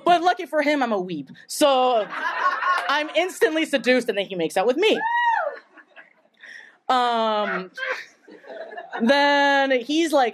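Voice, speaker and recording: Lively young woman telling a story. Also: sits high, moderate pace, background noise. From Taiwan. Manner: casual and chatty, lots of "like", laughs often. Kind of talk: live storytelling on stage. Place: live event in front of an audience.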